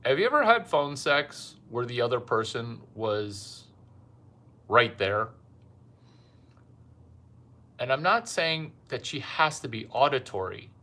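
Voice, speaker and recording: Slow, bright-voiced brash man. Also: medium pitch, sing-song. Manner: rambling, repetitive, brash delivery. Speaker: self-styled dating advice comedian. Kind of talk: provocative stand-up monologue.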